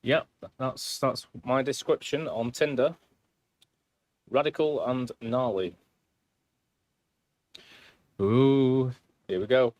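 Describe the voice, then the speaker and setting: A man's voice: medium pitch, measured pace, no room sound. A man streaming a video game, chatting casually in a rambling, self-mocking way. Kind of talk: casual live-stream chat.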